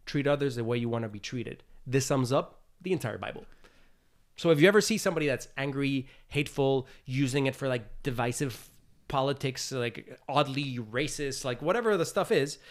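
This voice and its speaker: Speaking at moderate speed and medium pitch, a man being interviewed on a laid-back podcast earnestly shares his views. He brings them to life with animated stories and imitated voices.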